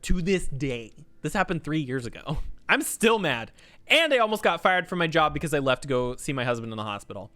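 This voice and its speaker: A man's voice: on the high side, very animated, fairly quick, pushed and bright, soft background music. A man streamer telling a story in a casual, ranting way, swearing a lot.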